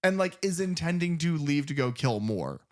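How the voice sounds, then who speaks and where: A man talks through a horror movie with his co-host in casual podcast chat. His pitch swings widely as he acts out lines from the film. He swears freely and keeps the recap moving. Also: moderate pace. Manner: profane, animated retelling with acted-out quotes.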